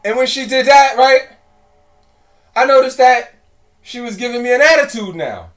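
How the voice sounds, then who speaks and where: A man's voice: extremely high pitch, animated, normal speed, a bit bright. A man telling a story to his audience in a casual, chatty way, talking to them directly and repeating phrases. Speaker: presenter.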